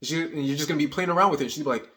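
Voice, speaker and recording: A young man giving casual dating advice, energetic and teasing, tagging his points with "right?". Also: on the high side, racing. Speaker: dating coach. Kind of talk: casual coaching monologue.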